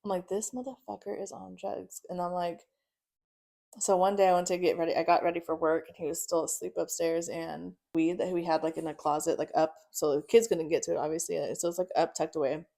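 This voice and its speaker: Young woman, lowish voice, blunt and profane, acts out every quote, laughs through it. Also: steady tone, fast, gravelly, mellow. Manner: swears freely, acts out quotes, laughs often. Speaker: podcast guest. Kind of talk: casual storytelling.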